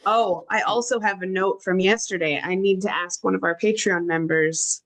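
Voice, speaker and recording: A woman's voice: mid-range voice, steady tone, moderate pace, a bit bright, low-quality recording. A woman co-hosting a casual live chat from her home office, upbeat, encouraging and giggly. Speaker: co-host.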